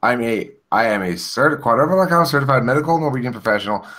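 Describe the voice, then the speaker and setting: A man's voice: mid-range voice, animated, fast talker, fairly bright tone. Guy goofing around in a group chat, sarcastic fake-expert bit, voice bouncing all over. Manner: mock-expert, sarcastic teasing. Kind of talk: casual joking chat.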